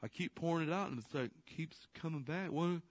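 Casual preacher man, somewhat high voice. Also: fairly quick, no room sound. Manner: casual, direct, asks the audience rhetorical questions. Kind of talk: sermon.

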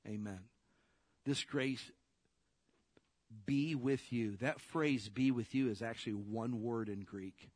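A man's voice: mid-range voice, takes it slowly, long pauses, a little mellow, no echo. A man preaching a sermon in a casual, direct way, putting rhetorical questions to his listeners.

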